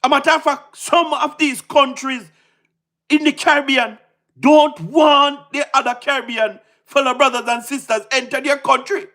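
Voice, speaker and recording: High-voiced, excitable Jamaican man. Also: normal speed. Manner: excitable, repeats himself, fires rhetorical questions, laughs often. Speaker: livestream political commentator. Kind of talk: casual livestream commentary.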